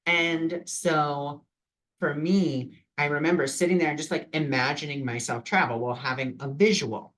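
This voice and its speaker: A man's voice: on the high side, moderate pace, a bit bright. A man in his own vlog, talking casually and earnestly about imagination, with loose phrasing and many fillers. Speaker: vlogger sharing spiritual advice. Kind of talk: casual reflective vlog talk.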